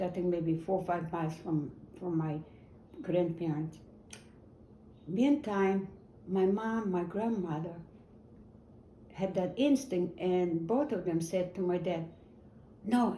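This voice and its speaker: A woman in her eighties telling a personal memory in a halting way, repeating words and restarting sentences as she goes. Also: on the low side, mellow. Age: 80s. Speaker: interviewee. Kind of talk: personal war memory storytelling. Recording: roomy echo, faint ambient noise.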